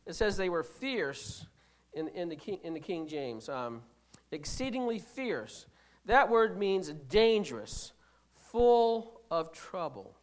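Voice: medium pitch, big pitch swings, takes it slowly. Emphatic preacher with restarts. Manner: emphatic, rhetorical questions to the congregation; swings between loud stresses and quiet asides. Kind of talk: sermon.

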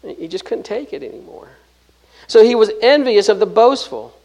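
A man with a high voice preaches through a scripture passage. He leans hard on key phrases, then drops to a low, soft tone, and he often repeats or restarts his words as he goes. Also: very animated, normal speed, creaky, poor audio. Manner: swings between loud stresses and low soft drops. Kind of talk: expository sermon.

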